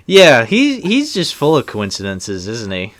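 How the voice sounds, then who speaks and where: A man's voice: mid-range voice, wildly swooping pitch, a little slow, a bit bright, dry recording, studio quality. A young man co-hosting a casual movie commentary, talking in a loose, rambling way with lots of fillers. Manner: rambling, loose, with many fillers and trailing sentences.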